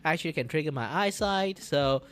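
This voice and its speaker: A man streaming while he draws, talking in a rambling, animated way, swearing, laughing and breaking into loud outbursts. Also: a little high, normal speed. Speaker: streamer and artist. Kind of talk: casual live-stream chat while drawing.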